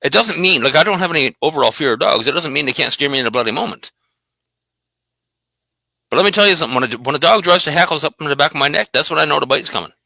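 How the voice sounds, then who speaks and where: A man's voice: fairly high pitch, animated, fast, vocal fry, sharp tone, dry recording. A man talking bluntly and emphatically about dog behaviour in a casual conversation, swearing freely.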